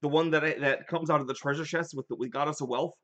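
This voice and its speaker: Older guy with a higher-ish voice, rambling animated game stories on a live chat. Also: fast, lo-fi sound. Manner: animated storyteller, rambling with restarts. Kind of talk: casual live-stream chat and anecdotes.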